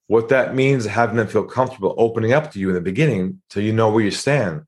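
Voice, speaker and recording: A man with a fairly low voice talks as a guest on a podcast. He tells a sales story and acts out the phone calls in shifting voices. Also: quick pace. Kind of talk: storytelling interview talk.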